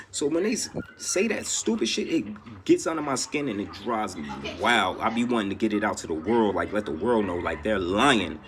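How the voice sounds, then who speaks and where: A man with a New York accent ranting casually, emphatic and exasperated, often swearing. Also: mid-range voice. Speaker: reaction commentator. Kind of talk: casual reaction rant.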